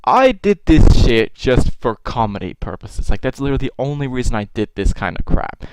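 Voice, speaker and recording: A man's voice: medium pitch, sing-song, fairly quick, clear, resonant tone, no room sound, rough recording. A young man casually commenting on his own old videos, self-mocking and swearing freely, with exasperated outbursts.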